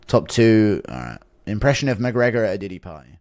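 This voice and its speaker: A man's voice: lowish voice, big pitch swings, fairly quick, few pauses, a little mellow, no room sound, clean studio sound. A man streaming casually, reading out donations and joking in a wry, offhand way. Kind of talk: casual live-stream commentary.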